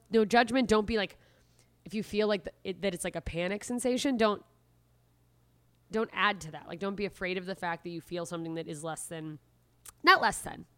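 A woman in loose casual talk, wandering through her thoughts with frequent fillers and self-corrections. Her voice sits low and sounds smooth and clean. The recording is dry and close, with no room around it. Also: a bit bright, dry recording. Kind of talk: casual talk on emotional triggers.

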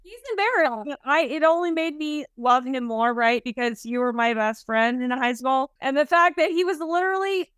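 A woman co-hosting a podcast, telling a story in an animated, gushing way and swearing casually. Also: high voice, moderate pace, few pauses, clear, resonant tone, dry recording, studio quality. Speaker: co-host.

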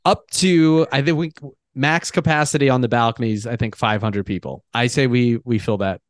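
A man with a mid-pitched voice, recorded close and dry with no room sound. He banters with his friends in a loose, teasing way. The talk is relaxed podcast chat. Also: moderate pace, no room sound. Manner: teasing, laid-back banter. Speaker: podcast host. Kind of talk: casual chat.

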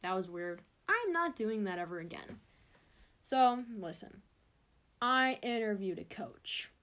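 A woman's voice: medium pitch, animated, normal speed, fairly bright tone. A young woman hosting her own sports podcast, talking in a chatty, rambling way and cutting herself off. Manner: chatty and rambling, self-interrupting. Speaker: podcast host. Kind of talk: casual solo podcast chat.

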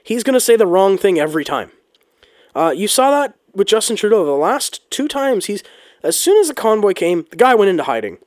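A man's voice: high-pitched, big pitch swings, moderate pace, no room sound, clean studio sound. A man giving a heated, casual opinion monologue on politics, swearing often and restarting his sentences. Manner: heated, ranting, swears, frequent restarts and ums. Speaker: political commentator.

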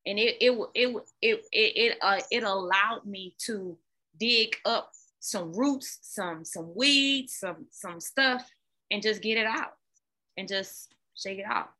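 A woman guest, a fitness coach, telling her own story candidly, animated and often repeating words. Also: mid-range voice, slow. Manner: animated, repeats words, talks to listeners as "y'all".

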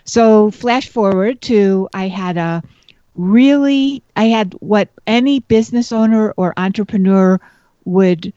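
A woman from Buffalo joins a podcast over a call and tells her story. She is measured and reflective, and her voice sounds slightly muffled. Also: mid-range voice, dark tone, dry recording. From Buffalo, New York. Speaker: guest. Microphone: remote call.

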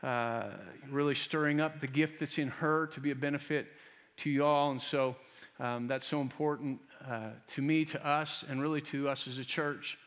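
A man's voice: a little high, a bit bright, long reverb tail. A middle-aged man preaching as a pastor in a church, praying and speaking with fervent, emphatic delivery and folksy asides. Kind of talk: sermon. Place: church sanctuary.

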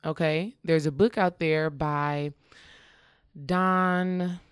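Woman, earnest conversational advice, smooth clear voice, somewhat low pitch, dry close sound. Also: very slow, no room sound. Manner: earnest, emphatic, coaching the listener with "okay?"; acts out quoted dialogue in lively voices.

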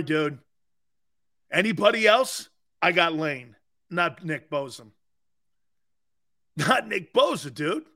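A man's voice: high voice, sharp tone. A man hosting sports talk radio, brash and emphatic, who laughs often and keeps calling his listeners "man" and "dude".

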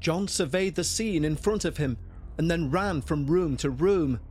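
A man reads a first-person horror account in a fairly high voice, with soft music running underneath. His delivery stays tense and measured, and his pitch climbs when the story grows frightening. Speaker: narrator. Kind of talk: scripted horror narration.

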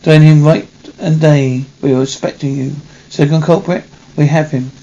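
A man reading a film script aloud in a halting way, correcting himself as he goes. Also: on the high side, steady tone, mellow, muffled recording. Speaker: reader.

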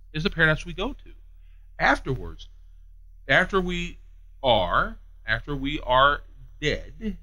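A man preaching a sermon, emphatic and repetitive, moving between hushed and raised passages. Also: a little high, rough recording.

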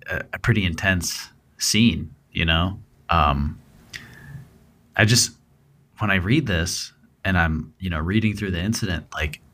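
Low bright-voiced male true crime host. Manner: relaxed, thinking aloud with fillers. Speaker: podcast co-host. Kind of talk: true crime narration and chat.

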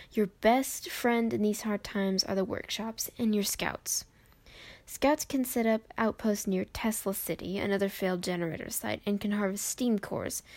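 A woman's voice: mid-range voice, gravelly, a little mellow, dry recording. A woman reading her own written game guide aloud, recorded on her phone in her bedroom, with rambling, self-deprecating asides.

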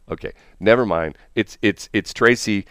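A man's voice: on the low side, fairly bright tone, clear, resonant tone, no room sound, clean studio sound. An older man hosting a radio morning show, telling rambling stories and chuckling often. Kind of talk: casual on-air chat. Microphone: studio broadcast mic.

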